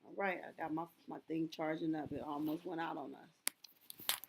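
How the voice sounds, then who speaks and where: A woman's voice: low-pitched, fairly even intonation, moderate pace, creaky, noisy background. A woman hosting a live stream, reading documents aloud and breaking off into exclamatory, chatty commentary to her viewers.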